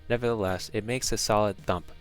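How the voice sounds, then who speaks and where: A man narrating a second-person fantasy text adventure in a measured storytelling manner. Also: fairly low pitch, fairly even intonation, soft background music.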